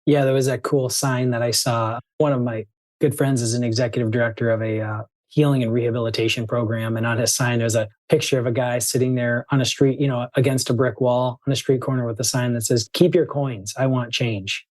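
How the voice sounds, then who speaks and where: A man's voice: mid-range voice, little pitch movement, a little fast, darkish tone, no room sound. A man hosting a podcast, chatting casually, affirming his guest and leaning on "you know". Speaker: podcast host. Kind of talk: casual conversational interview.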